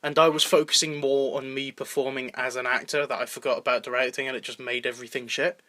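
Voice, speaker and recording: A man's voice: mid-range voice, little pitch movement, fast talker, pushed and bright, no echo. A young man co-hosting a casual podcast, rambling with frequent laughter and repeated words. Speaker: podcast co-host and indie filmmaker.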